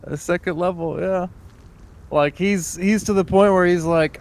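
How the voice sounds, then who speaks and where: A man's voice: sits high, steady tone, unhurried, a little mellow, slight background noise. A man playing a tabletop role-playing game with laid-back, crude banter. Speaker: player. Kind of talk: casual tabletop play.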